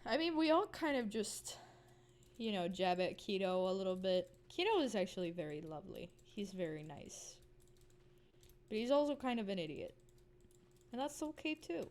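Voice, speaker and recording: A woman livestreaming while she plays a game, chatting casually. She is goofy and playful, giggles often, and breaks into squeaky cries and mock whispers. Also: sing-song, normal speed, darkish tone. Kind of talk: casual live-stream chatter while gaming.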